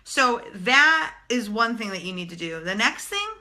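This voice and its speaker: A woman's voice: a little high, very animated, moderate pace, bright, forceful tone. A young woman talking casually and bluntly to viewers in a live stream, swearing freely as a spiritual channeler.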